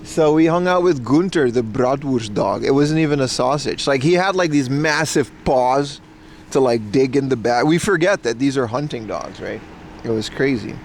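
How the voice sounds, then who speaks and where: A man's voice: medium pitch, normal speed, slight background noise. A man live-streaming on a nature hike, chatting to his viewers in a rambling, laid-back way and swearing freely. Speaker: livestreamer. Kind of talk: casual live-stream chat.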